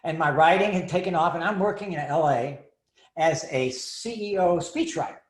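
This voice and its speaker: A man's voice: a little high, moderate pace, reverberant. An older man from Texas, a speaker and author on caregiving, telling humorous stories and acting out the voices of the people in them. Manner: animated, acts out voices in his anecdotes. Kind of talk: humorous storytelling talk.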